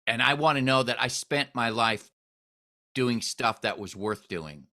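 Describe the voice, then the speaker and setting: A man hosts a casual podcast chat with a bright, forward voice. He tells stories freely and livens them up by mimicking the people in them. The sound is plain and close. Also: mid-range voice, measured pace. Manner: storytelling, animated when quoting others. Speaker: podcast host.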